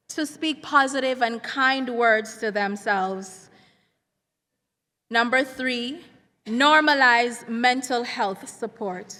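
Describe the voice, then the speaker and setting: A woman's voice: fairly high pitch, pushed and bright. Earnest woman counselor speaking in a hall. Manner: earnest, measured, heartfelt. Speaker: school counselor. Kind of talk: symposium speech. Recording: reverberant hall sound.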